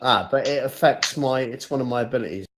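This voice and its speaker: A man's voice: medium pitch, fairly quick, fairly bright tone. A man playing a tabletop game, eagerly asking questions and restarting his sentences. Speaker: player. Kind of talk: casual tabletop game play.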